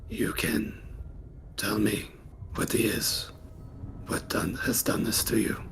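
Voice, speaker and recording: A man voicing a grave male wizard who speaks softly in stilted, formal phrases. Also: fairly low pitch, steady tone, takes it slowly, creaky, in a whisper, voice pushed down, full character voice. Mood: solemn.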